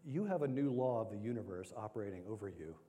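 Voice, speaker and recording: A male preacher delivering an energetic, emphatic sermon to a congregation, repeating key phrases for weight. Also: fairly low pitch, quick pace. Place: church sanctuary. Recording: long hall reverb.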